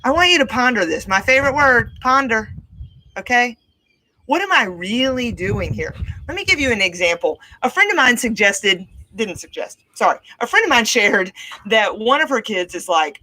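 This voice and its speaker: A middle-aged woman host giving a casual motivational talk, expressive and acting out what parents say. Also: fairly high pitch, normal speed, rough recording. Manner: expressive, acts out quoted parents.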